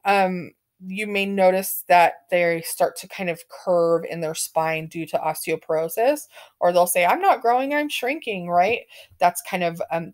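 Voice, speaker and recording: A woman teaching a medical terminology class, talking casually with many fillers and putting questions to her students. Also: fairly low pitch. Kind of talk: classroom lecture.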